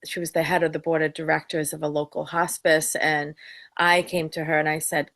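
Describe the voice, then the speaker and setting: A woman with a low, gravelly voice talks casually. She tells stories and slips into the voices of the people she quotes. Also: little pitch movement, a little fast, a bit bright. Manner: storytelling, acts out quoted voices. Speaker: co-host. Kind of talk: casual chat.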